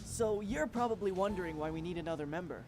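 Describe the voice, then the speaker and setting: A man's voice: high-pitched, quick pace, darkish tone, voice pushed down. Breezy, boastful young guy, a man reading him, music bed behind. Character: cocky young male teammate.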